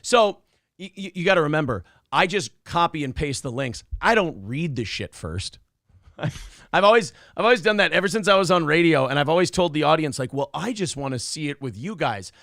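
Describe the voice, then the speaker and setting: Male show host, loose and profane, raspy and a little high. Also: moderate pace, no room sound, studio quality. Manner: profane, animated, jokey. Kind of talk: casual podcast chat.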